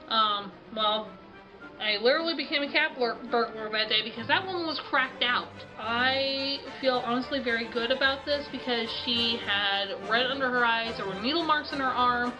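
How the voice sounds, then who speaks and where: Over music in a low-quality recording, a woman speaks at normal speed with a fairly high pitch. She's a vlogger telling a casual story, chatty and rambling with lots of fillers, and she sounds tired and sniffly.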